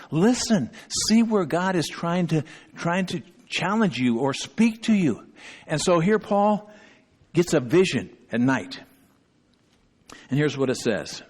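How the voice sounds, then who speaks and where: A man's voice: on the high side, big pitch swings, slow pace, a little mellow. A middle-aged man preaching a sermon as pastor, emphatic and often checking in with the congregation. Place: church sanctuary. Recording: long reverb in a church hall.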